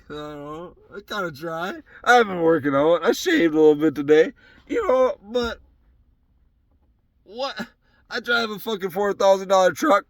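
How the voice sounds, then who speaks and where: A man in his thirties sitting in his pickup truck, ranting profanely in a monologue that swings from shouting to quiet reflection. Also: a little high, no room sound. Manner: swearing, often shouting, then quiet and reflective. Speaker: podcast host.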